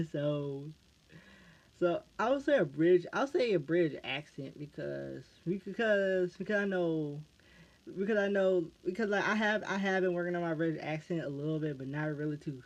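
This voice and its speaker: An American man with a voice on the high side answers fan questions in a casual vlog, sounding animated. He keeps stumbling and restarting his phrases over and over, and the lo-fi recording is dull.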